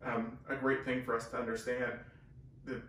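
With a mid-range, fairly bright voice and flat delivery at normal speed, a man co-hosts a conversational Bible teaching. He speaks earnestly and emphatically, with restarts. A distant camera mic captures him in an echoey room, with faint hiss.

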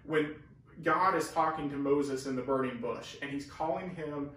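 A man's voice: a little high, moderate pace, fairly bright tone. A man teaching the Bible in a casual, earnest way, explaining and leaning hard on key words. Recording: very echoey room, far from the mic.

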